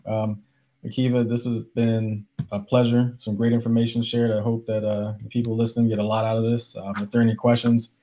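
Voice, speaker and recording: Measured male host, dull lo-fi audio. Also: mid-range voice. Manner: measured, with hesitant fillers. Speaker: podcast host. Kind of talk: interview hosting. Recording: dull lo-fi sound.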